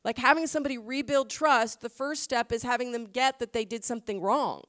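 A woman's voice: fairly high pitch, fairly quick, fairly bright tone. A woman giving a conversational sermon, asking her listeners questions and reading scripture aloud. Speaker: preacher.

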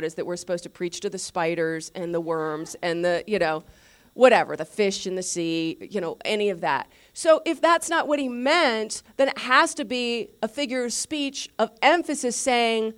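A woman pastor teaching a sermon in a lively, conversational way, asking her listeners questions and correcting herself as she goes. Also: medium pitch. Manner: restarts and self-corrections.

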